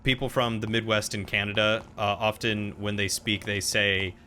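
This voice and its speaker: A man's voice: on the low side, level tone, moderate pace, sharp tone, a little hiss or hum. A man streaming a game live, chatting casually, reacting to the fight and answering chat. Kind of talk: live gameplay commentary.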